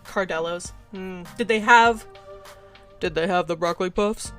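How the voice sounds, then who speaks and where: A woman's voice: fairly low pitch, a little slow, a bit bright, faint music behind. A young adult woman streaming a game live, who chats in a giggly, jokey way and reads the game text aloud.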